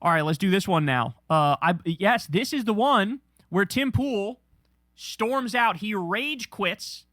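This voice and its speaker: A man with a high, bright voice delivers blunt, profane stream commentary. The sound is dry and close, with almost no room around it. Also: lively intonation, slow pace, no echo. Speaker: stream co-host. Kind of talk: casual commentary.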